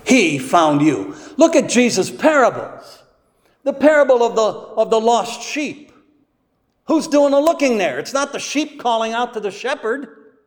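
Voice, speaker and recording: High-voiced pastor giving a sermon, slow and deliberate, big echoey church. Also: male voice, expressive. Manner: slow and deliberate, with strong emphasis on key words.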